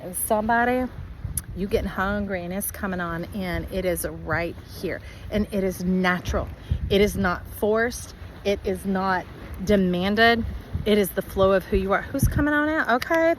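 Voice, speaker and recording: Woman tarot reader, animated, mid-range voice, faint background hiss. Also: medium pitch, moderate pace. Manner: animated, acts out viewers' voices. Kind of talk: spiritual tarot reading.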